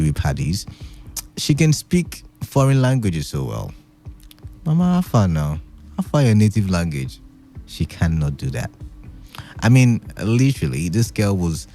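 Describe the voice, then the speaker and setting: A man with a low, dark-toned voice hosts an evening radio show from a studio, talking into a studio microphone. His casual radio talk is chatty and playful, rambling along with plenty of fillers.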